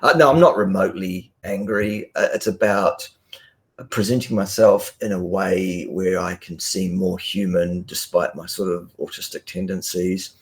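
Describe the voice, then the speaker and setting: A man, a guest on a live stream, talking bluntly and forcefully with many ums and restarts, over a video call. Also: deep voice, steady tone, measured pace. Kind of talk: casual live-stream talk.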